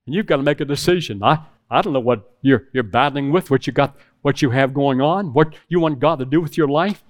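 A man's voice: mid-range voice, a little fast, hardly any pauses. A middle-aged man preaching a sermon to a room of men, telling a personal story and acting out the phone calls in it. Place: church hall with audience.

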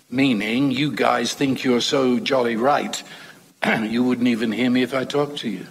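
A man's voice: medium pitch, fairly even intonation, a little slow, gravelly, husky. A man preaching a sermon in a conversational, emphatic way, with rhetorical questions to the congregation. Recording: long hall reverb.

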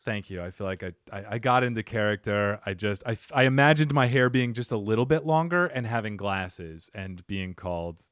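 A man hosting a podcast in casual chat, smooth and well-spoken, with a measured broadcast cadence and self-deprecating humor. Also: lowish voice, fairly bright tone, dry recording, clean studio sound. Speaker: podcast host.

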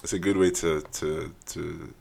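Low gravelly young man hosting a podcast. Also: fairly even intonation, a little slow, darkish tone. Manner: casual, earnest, says "man" often, trails off and restarts. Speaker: podcast host. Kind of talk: solo podcast monologue.

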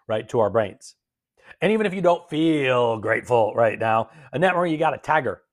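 A man hosting a live-streamed gratitude session on a phone, gently coaching viewers and answering their comments. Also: medium pitch, lively intonation, normal speed.

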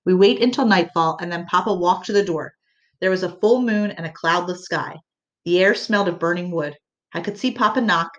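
A woman reads an audiobook with measured, earnest pacing. Her voice sits on the low side, and the recording sounds dull and lo-fi. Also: a bit bright. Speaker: audiobook narrator. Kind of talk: audiobook narration.

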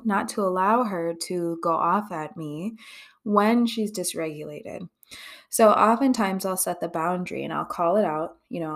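A woman therapist hosting her own podcast, talking candidly and conversationally, with frequent swearing. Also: lowish voice. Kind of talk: casual podcast monologue.

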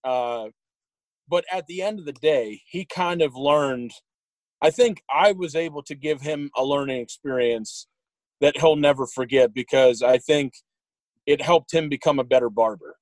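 A man's voice: mid-range voice, measured pace, darkish tone, no room sound, poor audio. A young man casually telling rambling stories about an old friend, chuckling along the way. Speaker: guest sharing memories. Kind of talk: casual storytelling.

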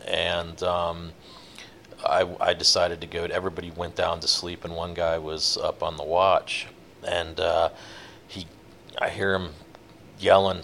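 A man telling a long fishing-boat story in a relaxed, rambling interview, with many fillers. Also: low-pitched, measured pace, gravelly, slight background noise. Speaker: guest, offshore fishing boat captain.

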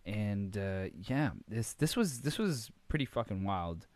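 A male podcast host giving a casual, rambling wrestling recap full of swearing, fillers and quick impressions. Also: fairly low pitch, animated, darkish tone, dry recording.

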